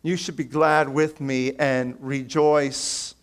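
A man preaching a sermon as a pastor, earnest and pleading, calling his listeners friends and swinging between raised emphatic lines and quiet low asides. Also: flat delivery, takes it slowly, clean tone.

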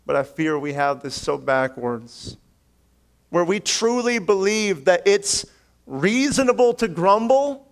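A pastor preaches with earnest, pleading warmth, addressing his listeners as friends. He alternates between raised, emphatic lines and quiet, low asides, and his tone is clean.

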